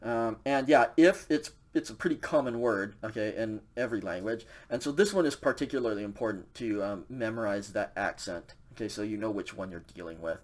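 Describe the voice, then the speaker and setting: A man's voice: lowish voice, fairly quick, hardly any pauses. A man teaching a recorded language lecture over slides, explaining casually with many fillers and a frequent "okay" check.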